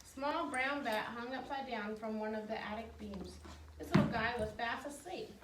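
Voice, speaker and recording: A woman reading a children's storybook aloud in a lively, expressive way. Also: on the high side, moderate pace. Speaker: reader. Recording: echoey room, distant mic, faint noise.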